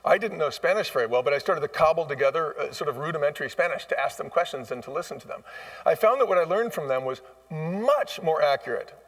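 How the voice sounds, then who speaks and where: A man's voice: a little high, expressive, fast talker, a bit bright, distant mic. A man speaking as a guest in a live onstage interview, telling stories emphatically and acting out bits of dialogue. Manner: emphatic, acts out quoted dialogue. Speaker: former restaurant chain CEO, guest. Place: conference stage.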